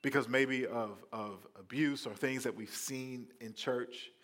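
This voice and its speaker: A male pastor preaches a sermon in a conversational, animated style, tossing playful asides to the congregation. He has a mid-range voice and speaks a little slowly.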